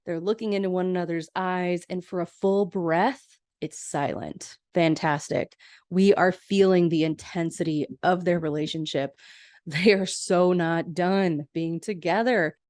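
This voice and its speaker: A woman podcast host, casually recapping a TV episode and bouncing into a higher voice to quote lines. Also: fairly even intonation, unhurried, a little mellow, dry recording, clean studio sound. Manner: chatty, laughs often, quotes lines in a higher voice.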